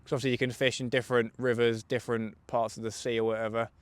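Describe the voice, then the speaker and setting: A young man talks viewers through a live fishing session outdoors on a riverbank. His voice is smooth and clear, sits at a middling pitch, and is recorded close and dry. He keeps it chatty and jokey, reading out questions from the chat and answering them. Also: flat delivery, fast talker, dry recording. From England. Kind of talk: casual live fishing commentary.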